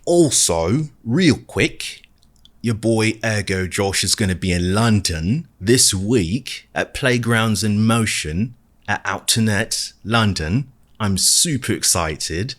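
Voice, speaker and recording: A man with a deep, low voice talks through a reflective podcast monologue. His delivery is earnest and encouraging as he addresses his listeners. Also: expressive, slow pace. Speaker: podcast host and artist.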